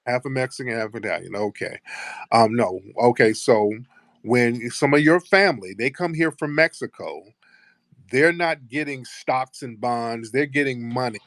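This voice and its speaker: A man's voice: mid-range voice, moderate pace, fairly bright tone, no room sound, studio quality. A man hosting a heated live call-in show, talking bluntly and combatively, often profane. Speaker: host.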